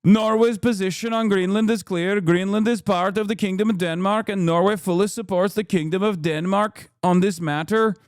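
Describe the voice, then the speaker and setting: A man putting on a Norwegian accent to voice a male prime minister, reading out a formal statement in a stiff, measured way. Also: sits high, fairly even intonation, smooth, dry recording, clean studio sound, lightly acted. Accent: put-on Norwegian.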